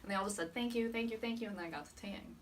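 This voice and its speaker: A woman's voice: medium pitch, very fast, far from the mic, very noisy. A young woman recapping a fan meet in a vlog, gushing, swearing a lot and laughing often. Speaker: vlogger.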